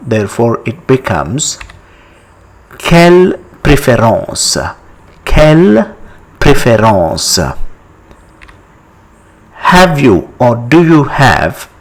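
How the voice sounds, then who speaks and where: A man with an Indian English accent talks through a language lesson at a very slow, unhurried pace. His pitch rises and falls a lot as he lingers on each word. He spells words out letter by letter and says each pronunciation over and over. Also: breathy edge. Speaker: language teacher.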